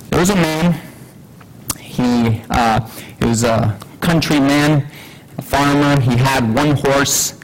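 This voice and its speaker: Slow-paced male preacher. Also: medium pitch, low-quality recording. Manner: unhurried, many fillers, rhetorical questions. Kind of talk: sermon.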